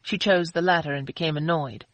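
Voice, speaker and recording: A woman with a low voice narrates an audiobook, her delivery steady and even. The recording is dry and close, with no room sound around her. She keeps a calm storytelling pace. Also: brisk, dry recording. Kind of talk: scripted narration.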